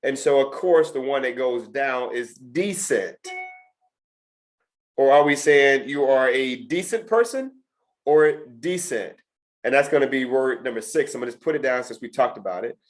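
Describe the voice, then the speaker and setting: Teaching a test prep class, this middle-aged man lectures his students in a medium-pitched voice at a normal pace. He speaks with emphasis and goes back over his main points repeatedly.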